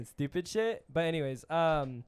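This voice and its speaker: A man's voice: a little high, expressive, unhurried, clean tone. A young man hosting a podcast, rambling through a story with lots of fillers and swearing. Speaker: podcast host. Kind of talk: casual chat.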